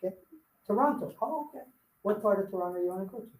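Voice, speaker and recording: A man's voice: high-pitched, animated, quick pace, a little hiss or hum. A man coaching salespeople in a live workshop, emphatic and playful, hammering his points home with repetition. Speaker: sales trainer. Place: meeting room with audience. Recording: echoey room.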